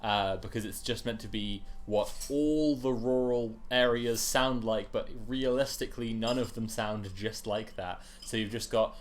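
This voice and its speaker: A man's voice: lowish voice, fairly even intonation, a little slow, few pauses. A man casually chatting while streaming a game, rambling with fillers and laughs.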